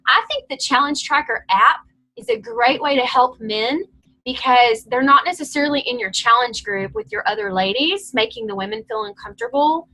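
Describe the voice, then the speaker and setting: A woman's voice: sits high, lively intonation, normal speed, sharp tone, poor audio. A woman leading a team call, coaching her team in a direct, encouraging, chatty way.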